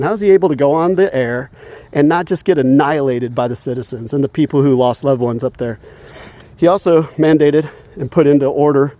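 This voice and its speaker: A man's voice: mid-range voice, mellow, dry recording. A man vlogging while walking outdoors in the evening, talking in a heated, indignant way and chuckling often between points. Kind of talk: casual rant while walking.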